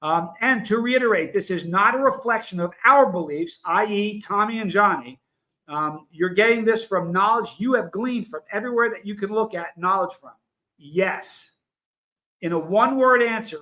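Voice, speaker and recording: On a casual livestream, a male host with a high, bright, forceful voice tells a story with plenty of emphasis. He keeps breaking off to greet and speak to his viewers, and the recording quality is low.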